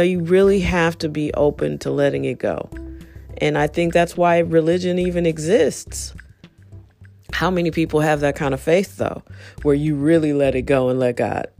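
A middle-aged woman talking earnestly in a rambling, reflective podcast monologue about self-talk, with soft music behind. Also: low voice, moderate pace, gravelly. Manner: earnest, rambling, self-help tone with many "you know"s. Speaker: podcast host.

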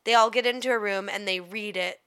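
A woman co-hosting a podcast, telling stories in a casual, animated way with crude jokes. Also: mid-range voice, a little fast, clear, resonant tone. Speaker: podcast co-host. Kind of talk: casual chat.

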